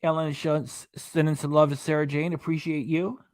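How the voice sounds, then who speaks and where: This man's voice sits fairly high, with a darkish tone and little pitch movement, and he talks a little fast. He's a chatty livestream reaction host in a small apartment who reads viewers' comments aloud and chuckles often between them.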